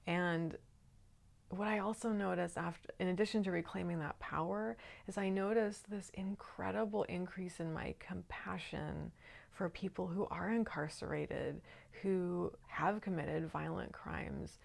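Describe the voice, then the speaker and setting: A woman who works as a shadow work coach, telling a personal spiritual story in a calm, earnest way. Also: on the low side, measured pace, vocal fry.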